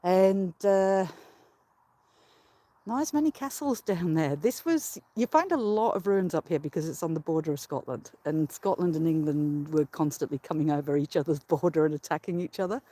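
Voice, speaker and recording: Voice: mid-range voice, moderate pace, warm tone, no room sound. A host chatting casually and rambling while walking outdoors on a hill, out of breath, laughing often, talking into a handheld phone. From Australia. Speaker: host of a live stream. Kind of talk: casual live-stream chat while walking. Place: outdoors on a hill by a ruined castle.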